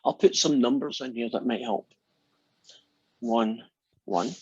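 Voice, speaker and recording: A Scottish man lecturing a math class in a chatty, joking way, with ums and pauses. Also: medium pitch, darkish tone, breathy edge, no room sound, dull audio. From Scotland. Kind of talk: university lecture.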